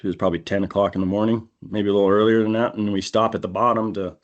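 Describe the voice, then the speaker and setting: A man on a podcast telling a long, animated hunting-trip story in casual chat, acting out the people he quotes. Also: on the low side, very fast, highs cut off. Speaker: podcast co-host. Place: indoor podcast studio.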